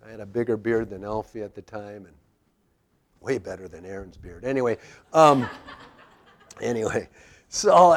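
A middle-aged man preaching a sermon, telling a story with lively swings between loud bursts and quiet asides. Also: medium pitch. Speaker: pastor.

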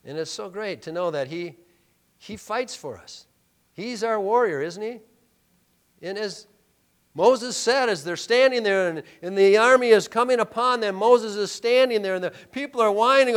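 A male pastor preaching a sermon, emphatic and full of rhetorical questions, dropping to a hush and then rising loud. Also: high-pitched, animated, a little slow.

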